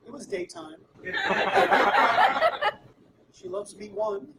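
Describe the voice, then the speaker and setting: A middle-aged man works through a stand-up routine with a high, bouncing voice that swings widely in pitch. He sets up stories plainly and lands deadpan punchlines. He sits far back from the mic, with steady noise all around. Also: very slow. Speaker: stand-up comedian. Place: live comedy stage. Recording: distant mic with room noise.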